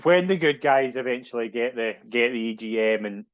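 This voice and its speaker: A man hosting a podcast interview, asking relaxed, encouraging questions. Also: medium pitch, brisk. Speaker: podcast host. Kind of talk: casual interview.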